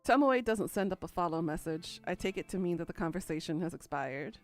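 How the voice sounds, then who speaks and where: Woman narrator, low voice, dry, musing, first-person story reading. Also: expressive, a little fast, faint music behind.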